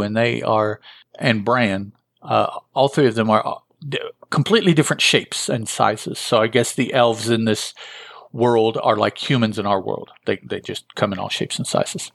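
A man's voice: on the low side, a bit bright, dry recording, clean studio sound. A man hosting a comic book review show, recapping an issue in a rambling, thinking-aloud way and often correcting himself.

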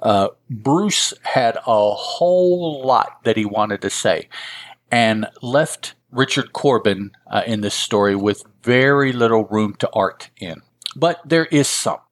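A man's voice: mid-range voice, expressive, slow. A man hosting a casual comic book review. He rambles and makes self-deprecating asides, with plenty of fillers. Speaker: host.

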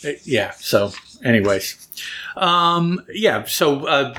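Man co-host, mid-pitched, loose and jokey, wanders off on tangents, conversational comic talk. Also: expressive, slow pace, bright, forceful tone. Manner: jokey, digressive, frequent restarts. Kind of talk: casual chat.

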